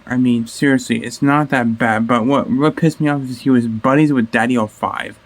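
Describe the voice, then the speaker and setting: A man's voice: mid-range voice, steady tone, normal speed. Guy rambling thru his reaction, swears a lot, keeps restarting sentences. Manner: rambling, self-correcting, swears casually. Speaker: reaction video host. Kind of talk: casual reaction commentary.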